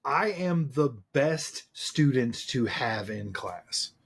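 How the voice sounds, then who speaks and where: Husky-voiced male podcast host. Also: medium pitch, lively intonation, slow pace. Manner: curious, reflective talker. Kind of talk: casual conversation.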